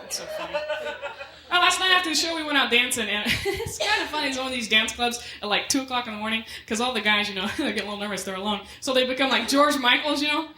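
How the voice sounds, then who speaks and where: A woman working as MC and stand-up comic, doing a club set and bantering with the crowd in quick asides. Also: high voice. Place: comedy club stage with a live audience. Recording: echoey club room with loud noise.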